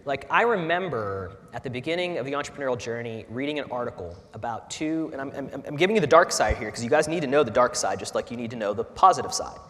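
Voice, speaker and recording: A middle-aged startup founder speaks candidly and with feeling to an audience in a large lecture hall, his mid-range voice moving fast with few pauses. Earnest and animated, he often restarts sentences and uses fillers in this fireside chat. The hall is echoey, with faint ambience.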